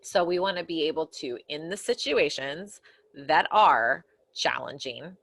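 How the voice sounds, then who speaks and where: A middle-aged woman teaching a parenting course, earnest and conversational, often dropping to a soft, quiet voice. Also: sits low, lively intonation, a little slow, gravelly. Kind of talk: recorded course lesson. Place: home office corner.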